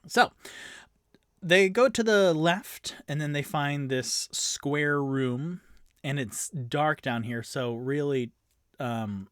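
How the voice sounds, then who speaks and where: Unhurried man running a solo tabletop game. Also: medium pitch, dry recording. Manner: chatty, digressive, self-mocking. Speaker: game master and solo player.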